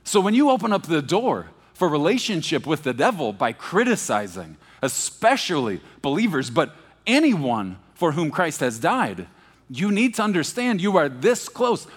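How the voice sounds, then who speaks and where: A pastor from Texas preaching a sermon, moving between hushed, slow emphasis and animated, emphatic passages. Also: male voice, on the high side, husky. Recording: long hall reverb.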